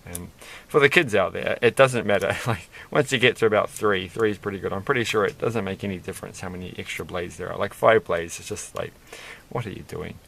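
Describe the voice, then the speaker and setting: Low-voiced man, casual build vlog, rambling self-amused chatter. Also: a little fast, gravelly, hardly any pauses, fairly bright tone. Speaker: Lego builder vlogger.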